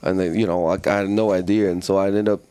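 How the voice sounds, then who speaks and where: A man's voice: deep voice, quick pace, clear, resonant tone, no echo. Profane French man telling stories. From France. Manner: profane, animated storytelling. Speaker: guest, fighter. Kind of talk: casual storytelling.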